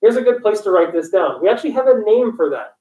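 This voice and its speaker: A man's voice: sits high, big pitch swings, quick pace, mellow. A male college instructor giving a classroom lecture, joking and going off on tangents while quizzing his students. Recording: echoey classroom, distant dull mic.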